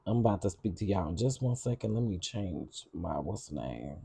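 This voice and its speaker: A man's voice: sits low, expressive, moderate pace, vocal fry, mellow, slightly rough. A man hosting a cooking channel, chatting casually with his livestream viewers, greeting them by name and repeating himself often.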